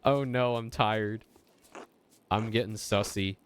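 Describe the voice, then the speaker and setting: A young male streamer with a fairly low voice makes playful, giggly asides about a story game. His tone is casual and relaxed. A faint hiss sits behind him. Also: normal speed.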